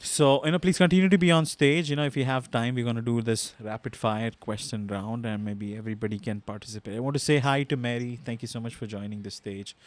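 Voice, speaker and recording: A man's voice: medium pitch, steady tone, fast talker, hardly any pauses, no echo. Guy hosting a live podcast, super polite, keeps saying thanks and sorry. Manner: polite, apologetic, repeatedly thanks people. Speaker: podcast host.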